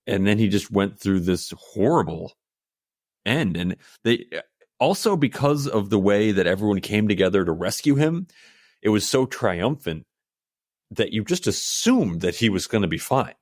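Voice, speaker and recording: Man, very low voice, podcast co-host, analytical, measured, dry close mic. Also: very animated, darkish tone, dry recording. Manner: measured, analytical, repeats words while thinking. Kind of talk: casual film review chat.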